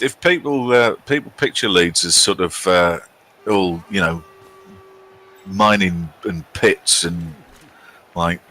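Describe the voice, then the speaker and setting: Deep-voiced British man chatting on stream. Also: pushed and bright, rough recording. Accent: British English. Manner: chatty, wry, self-mocking about his pronunciation. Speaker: game streamer. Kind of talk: live-stream game commentary, reading chat.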